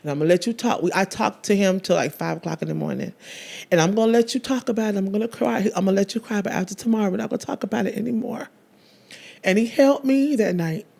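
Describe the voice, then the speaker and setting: A woman's voice: on the high side, gravelly, a little mellow. A woman guest telling an emotional personal story in an interview, earnestly acting out the conversations she recounts. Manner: emotional, earnest storytelling, acts out quoted dialogue.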